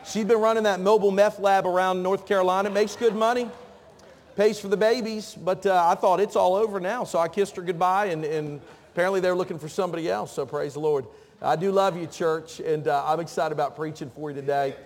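High-voiced joking preacher. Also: male voice, steady tone, fairly quick. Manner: joking, calls out to the congregation. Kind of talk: sermon. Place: church sanctuary. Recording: long reverb of a church hall.

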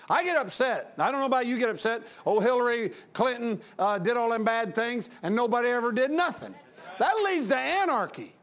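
Animated preacher man. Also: sits high. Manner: animated, swinging between loud outbursts and quiet asides. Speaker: pastor. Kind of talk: folksy preaching with anecdotes.

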